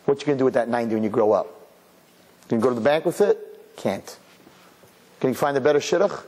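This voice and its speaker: A man as a rabbi giving a humorous sermon-lecture, telling stories with sarcastic, animated delivery. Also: medium pitch, quick pace, long pauses, long reverb tail.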